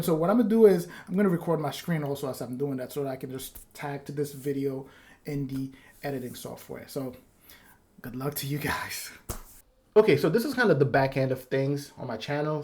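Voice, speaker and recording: A man's voice: on the high side, darkish tone. A man hosting his own channel's giveaway vlog, talking casually in a rambling, apologetic way with nervous laughs. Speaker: YouTube channel host.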